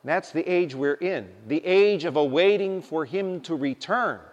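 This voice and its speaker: A man preaching a sermon, speaking in a deliberate, emphatic way. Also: on the high side, muffled recording. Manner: slow, deliberate, emphatic delivery. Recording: long reverb of a large hall.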